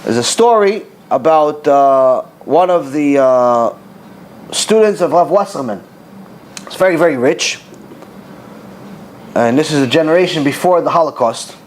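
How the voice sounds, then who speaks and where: A middle-aged man teaching as a rabbi, an animated storyteller who acts out dialogue and repeats words for emphasis. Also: on the high side, measured pace, long pauses, a little hiss or hum. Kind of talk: Torah class with storytelling.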